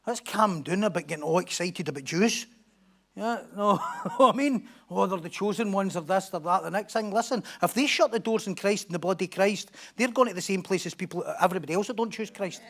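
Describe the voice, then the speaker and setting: A man preaching a sermon as pastor, animated, acting out crowd voices and swinging from loud declarations to hushed asides. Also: high voice, a little fast. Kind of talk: expository sermon.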